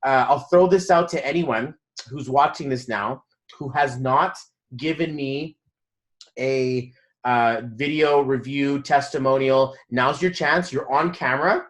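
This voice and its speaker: A man's voice: medium pitch, unhurried. A man in his thirties, a numerology coach giving a motivational talk to a group on a video call, telling stories animatedly and laughing mid-sentence. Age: 30s.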